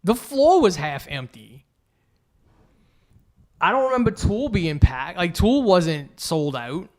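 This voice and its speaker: A man's voice: high-pitched, sing-song, slow pace, darkish tone. A man co-hosting a podcast, chatting casually with loose, rambling talk and a lot of swearing. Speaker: podcast co-host. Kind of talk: casual chat.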